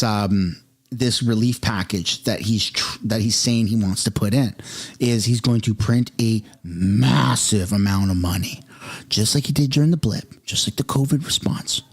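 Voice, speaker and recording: A man's voice: medium pitch, unhurried. A man from Canada, hosting a livestream, reading out viewer comments and rambling through opinionated asides with a chuckle. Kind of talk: casual political livestream commentary.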